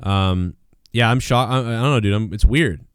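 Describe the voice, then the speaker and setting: A man's voice: fairly low pitch, normal speed, smooth, no echo, clean studio sound. A man hosting a live stream show, chatting casually in a rambling, joking, slangy way.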